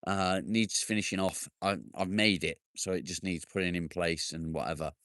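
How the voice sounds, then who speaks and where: A man's voice: sits low, fairly even intonation, moderate pace, fairly bright tone, dry recording, clean studio sound. A man hosting a casual live stream outdoors in his garden, bantering with viewers, joking, and swearing now and then. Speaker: livestream host.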